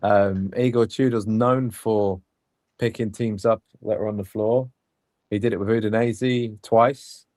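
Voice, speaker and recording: A man's voice: fairly low pitch, steady tone, unhurried, darkish tone, dry recording. A man co-hosting a casual football podcast, talking in a hopeful, easygoing way and hedging his views. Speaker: podcast co-host.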